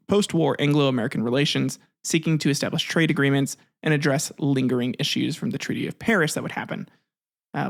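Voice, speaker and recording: A man with a somewhat high, gravelly voice hosts a history video, narrating in a casual, offhand way. He cracks jokes, adds asides, swears a bit, and restarts words.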